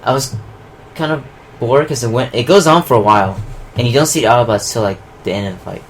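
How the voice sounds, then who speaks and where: A young man in casual movie commentary chat, relaxed and teasing, firing off quick questions. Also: medium pitch. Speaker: co-host. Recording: noisy room recording.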